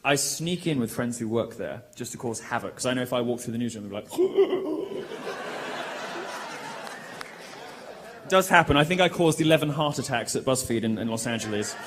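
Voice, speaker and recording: A British man giving a provocative, mocking live speech to a college crowd in a large, lively room, delivering it loudly and with projection. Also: medium pitch, quick pace, few pauses, a little hiss or hum. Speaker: public speaker.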